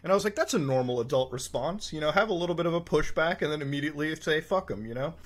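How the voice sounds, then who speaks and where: A young man in his twenties talking on a podcast, with a slightly higher voice than most men. He tells his story in an animated way, swears a lot and acts out the quoted back-and-forth. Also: fast talker. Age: 20s. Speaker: podcast co-host. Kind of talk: casual podcast chat.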